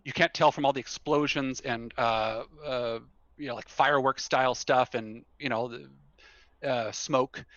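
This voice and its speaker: Bright-voiced man narrating a tabletop game. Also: medium pitch, steady tone, measured pace, no room sound, dull audio. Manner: rambling, with many fillers and frequent laughter. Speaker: game master.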